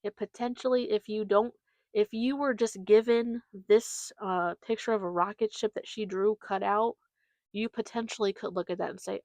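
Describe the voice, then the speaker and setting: A woman's voice: medium pitch, steady tone, moderate pace, a little mellow, no echo. A young woman hosting her podcast, chatting casually with many fillers and giggles. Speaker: podcast host. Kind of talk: casual solo chat.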